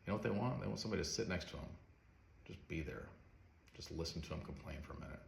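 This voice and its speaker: A man talking casually and earnestly about a song he wrote, soft-spoken and rambling with fillers. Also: low voice, lively intonation, quick pace, vocal fry, a little hiss or hum. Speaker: songwriter. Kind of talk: casual heartfelt vlog talk. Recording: echoey room with faint ambience.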